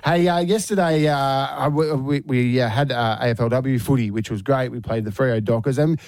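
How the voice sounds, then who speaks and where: A man's voice: medium pitch, moderate pace, darkish tone, no room sound, clean studio sound. Australian man telling a rambling radio story. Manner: laid-back storytelling, acts out quotes, frequent laughs. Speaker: radio host. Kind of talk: casual breakfast radio banter. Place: radio studio. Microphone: studio microphone.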